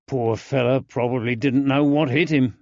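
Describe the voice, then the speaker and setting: A man's voice: mid-range voice, steady tone, normal speed, a little mellow, dry recording, highs cut off, close to an everyday voice. A male narrator voicing a wry, fatherly male companion in an audiobook.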